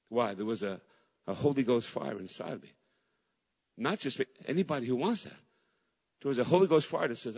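A middle-aged man preaching an impassioned sermon as pastor, swinging from loud cries to hushed near-whispers and repeating his phrases. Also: medium pitch, sing-song, a little fast, gravelly, slightly rough. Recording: dull recording in a large reverberant hall.

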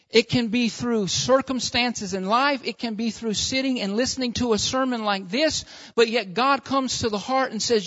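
A man's voice: very high-pitched, moderate pace, fairly bright tone, no room sound. A male pastor preaching a sermon, repeating his points and asking rhetorical questions. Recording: dull lo-fi dry recording.

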